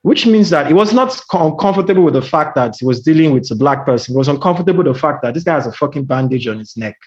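A man in his thirties with a Nigerian accent, chatting casually and telling a story with quick asides and restarts. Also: on the high side, animated. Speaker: podcast co-host. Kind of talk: casual chat. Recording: dull lo-fi audio.

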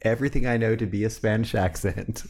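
Low-voiced man rambling with chuckles. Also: fairly even intonation, quick pace, darkish tone. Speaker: podcast co-host. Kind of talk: casual chat over a movie watch party.

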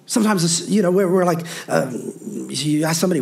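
A man preaching a sermon as a pastor, calling out to his congregation, mixing humor and asides, and rising to near-shouting on his declarations. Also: a little high, fairly quick, gravelly. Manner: preaching with call-and-response asides and wry humor.

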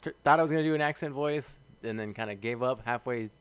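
A man's voice: mid-range voice, quick pace, clear, resonant tone, no room sound. A male podcast host in casual comedic chat, rambling with restarts, laughing often and swearing.

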